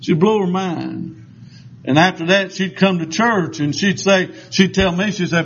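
A man's voice: high-pitched, a little slow, slight background noise. An older man preaching a sermon, telling stories in a folksy way with many fillers and restarts. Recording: dull lo-fi sound.

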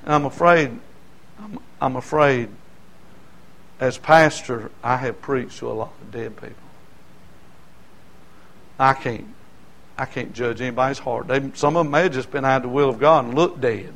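A male pastor, preaching a sermon that swings from quiet talk to shouting, repeating his phrases. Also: mid-range voice, fairly even intonation, normal speed, gravelly, long pauses, rough recording.

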